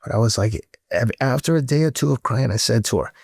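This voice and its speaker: Speaking fast with lively intonation, the same middle-aged guest candidly recounts his story in a casual interview, earnest and frank, cursing freely as his emotion rises. His mid-range voice is darkish and slightly rough, with vocal fry. The sound is dry and of studio quality.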